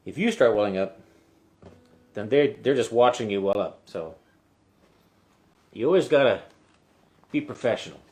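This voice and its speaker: A man's voice: on the low side, expressive, normal speed, pauses often, a little mellow. A man hosting his own live-streamed acoustic set, singing songs and chatting loosely and candidly between them, swearing casually. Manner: singing with a guitar. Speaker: singer-songwriter hosting a weekly live stream. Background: his own acoustic guitar.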